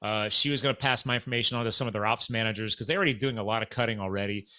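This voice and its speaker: A man casually telling a long story in a podcast chat, animated and acting out the dialogue of people he met. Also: on the low side, rapid-fire. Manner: animated, acts out quoted dialogue.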